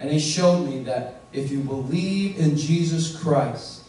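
Slow earnest preacher in an echoey church. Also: male voice, a little high, warm tone. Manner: earnest, questioning the listeners directly. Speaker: pastor. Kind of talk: sermon. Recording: echoey room, voice from far off.

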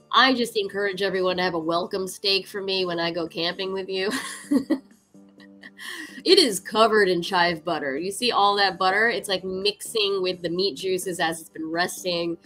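Bright-voiced chatty woman streamer. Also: medium pitch, unhurried, soft background music, poor audio. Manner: chatty and upbeat, laughs often, many "like"s. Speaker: cooking livestream host. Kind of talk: casual chat to stream viewers.

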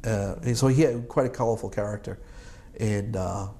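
A man's voice: fairly low pitch, normal speed, dark tone. A man in his sixties from Boston, an Army veteran recalling his service in an oral history interview, rambling and chuckling with many fillers and restarts. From Boston, United States.

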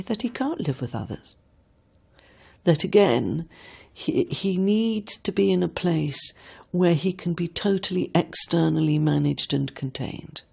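A woman speaking reflectively and thoughtfully in a documentary interview. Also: on the low side. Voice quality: husky, creaky.

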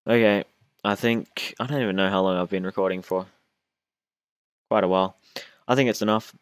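Low-voiced young aussie guy rambling over his gameplay, whiny and self-mocking, dead dry sound. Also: steady tone, a little fast, clean tone, no room sound. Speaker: gaming YouTuber. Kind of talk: casual gameplay commentary.

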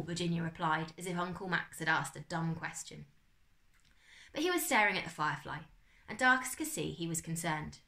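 A woman teacher, reading a class story aloud with expressive storytelling. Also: low voice, brisk.

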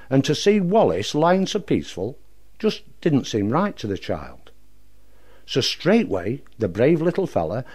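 A man recites a comic poem, his pitch rising and falling widely as he tells the tale. He slips into broad dialect for the characters, with an animated storytelling lilt throughout.

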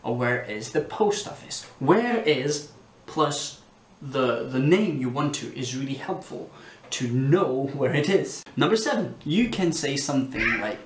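A man with a Scottish accent, an online English teacher who speaks slowly and clearly and repeats example phrases for learners. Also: mid-range voice, expressive, roomy sound, slight background noise. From Scotland.

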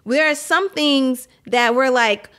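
Impassioned high-voiced woman vlogger. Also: slow, fairly bright tone. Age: 30s. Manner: impassioned, laughing, heavy use of "like". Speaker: Christian vlogger. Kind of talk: earnest faith talk to camera.

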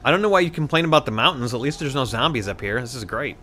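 A man of middle pitch chats casually beside a friend's gameplay, giving directions and teasing him dryly. Faint room noise hums behind him. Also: animated, fast, bright, forceful tone. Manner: dry teasing, guiding the player. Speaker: gameplay co-host. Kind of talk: casual let's-play banter.

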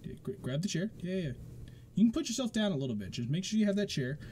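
A man's voice: high-pitched, sing-song, fast, dark tone, slight background noise. A man doing casual gameplay commentary as a YouTuber, frustrated, swearing a lot and talking to his game character. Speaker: gaming YouTuber.

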